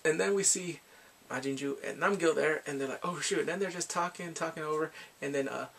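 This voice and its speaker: A man giving a casual spoken drama review, retelling scenes in an animated way and acting out the characters' lines. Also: on the high side, a little fast, creaky, breathy edge.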